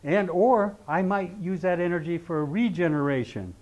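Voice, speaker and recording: A man's voice: high-pitched, moderate pace, a little mellow. Man lecturing with rhetorical questions, lo-fi. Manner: conversational, asks the class rhetorical questions. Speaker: astrology teacher. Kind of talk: lecturing a class. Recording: dull lo-fi recording.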